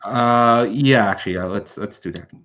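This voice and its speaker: A man's voice: on the low side, normal speed, highs cut off. A man running a tabletop game session over an online call, chatting casually and telling stories with laughs. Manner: animated, laughing storyteller. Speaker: game master.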